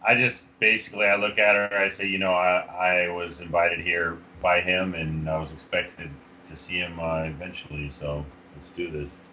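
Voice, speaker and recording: A man's voice: low-pitched, fairly even intonation, moderate pace, few pauses, sharp tone, muffled recording, slight background noise. A man playing in a tabletop game, speaking in a dry, matter-of-fact way. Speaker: player. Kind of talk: casual tabletop play.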